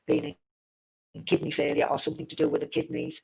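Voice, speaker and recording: A woman's voice: extremely low pitch, wildly swooping pitch, fast, gravelly, darkish tone, slightly rough, low-quality recording. A woman, a psychic medium giving a live-streamed reading in a chatty, repetitive way. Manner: chatty, repetitive, laughs at tech trouble. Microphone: live-stream setup with a glitchy connection.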